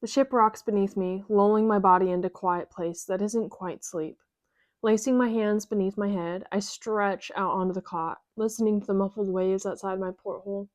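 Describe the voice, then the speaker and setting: A woman narrating an audiobook in a calm, measured reading voice. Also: medium pitch, dry recording. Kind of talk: scripted narration.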